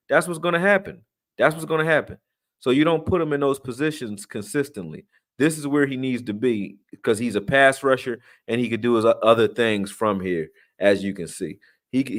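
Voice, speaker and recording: Tired, chatty man breaking down film. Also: fairly low pitch. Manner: loose and chatty, slangy, many fillers and restarts. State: tired, yawning. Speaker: sports channel host breaking down game film. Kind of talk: casual live film breakdown.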